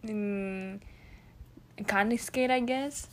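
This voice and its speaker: A young woman in casual, filler-heavy chat about dating, sarcastic and quick to laugh. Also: medium pitch.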